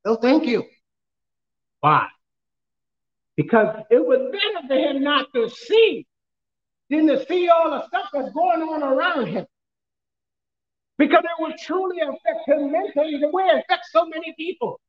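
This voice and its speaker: A male pastor preaching a sermon, telling funny stories with frequent laughter and sometimes shouting questions at the congregation. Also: extremely high pitch, expressive, unhurried, long pauses, echoey room, highs cut off. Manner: storytelling, humorous, laughs often. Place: church.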